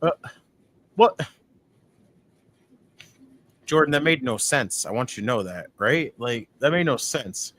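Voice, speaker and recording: Excitable swearing man reacting to wrestling. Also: mid-range voice, takes it slowly, pauses often. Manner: excitable, swears freely, sudden loud outbursts. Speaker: watch-along co-host. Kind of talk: casual reaction commentary.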